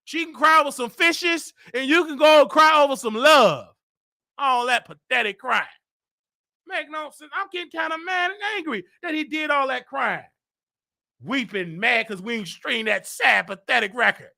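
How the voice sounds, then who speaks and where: A man hosting a comedy show, ranting with exaggerated indignation and bursts of shouting. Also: very high voice, normal speed, vocal fry.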